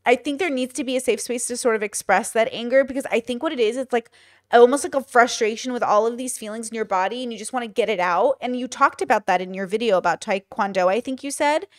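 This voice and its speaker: A woman's voice: on the high side, fast. A woman in her thirties hosting a podcast, telling stories in casual chat and acting out what people said, with lots of fillers. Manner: chatty storytelling, acts out quoted lines, many fillers. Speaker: podcast host.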